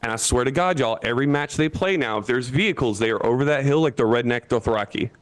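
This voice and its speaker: A man in his thirties from Florida performs a stand-up set for an online comedy show, speaking from a chair. His voice sits at a middling pitch and turns animated, jumping up high whenever he quotes other people. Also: quick pace, clear, resonant tone. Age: 30s.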